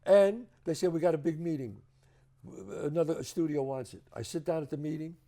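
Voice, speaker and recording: A man with a New York accent telling animated, profane stories as a guest at a home, acting out the other people in them. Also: on the high side, a little fast. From the Bronx, New York. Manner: emphatic, profane, acts out other people's lines. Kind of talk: animated storytelling.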